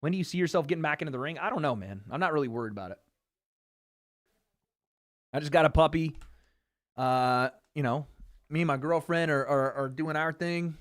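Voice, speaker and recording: A man from Tennessee hosts a livestream watch party, reading chat in a loose, slangy way with a touch of swearing. His voice sits a bit higher than most men's. When the fight picks up, he gets loud and excited. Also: brisk, pauses often. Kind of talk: casual livestream chat, reading viewer questions.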